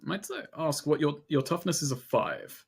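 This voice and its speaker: A man's voice: on the high side, animated, moderate pace, creaky, husky. Casual male game master, rambling, narrates a tabletop session.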